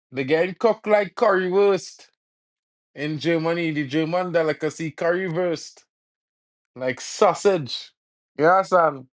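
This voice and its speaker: A man hosts a live football watch-along stream, drawling his words out slowly and letting each jab hang. He teases rival supporters in heavy island slang and shouts his complaints at the referee. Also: on the high side. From Trinidad and Tobago. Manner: teasing, trash-talking rival fans in local slang; yells at the referee over fouls.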